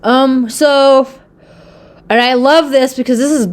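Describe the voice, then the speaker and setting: A woman's voice: high voice, steady tone, unhurried. A woman casually retelling a Bible story on her channel. She rambles, with lots of fillers and a tag question of "okay?". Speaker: Bible video host.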